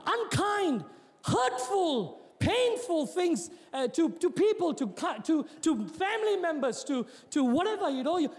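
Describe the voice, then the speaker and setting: Guy preaching, jokey, stumbles and repeats words, very high and lively voice. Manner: joking, animated, repeats words often. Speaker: pastor. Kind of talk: sermon. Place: church. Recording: long hall reverb.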